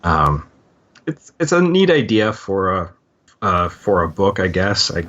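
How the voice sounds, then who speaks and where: A man's voice: sits low, big pitch swings, measured pace, fairly bright tone, muffled recording. A man co-hosting a casual book-club podcast, rambling through his points with many fillers and restarts. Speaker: podcast co-host.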